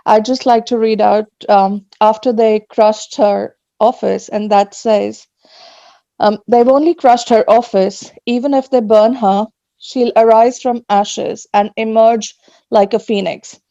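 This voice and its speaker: A woman's voice: on the high side, fairly even intonation, mellow, no room sound. Earnest woman on a muffled video call. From Australia. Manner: earnest, emotional, pausing. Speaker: online rally speaker. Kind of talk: emotional public statement. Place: home at night.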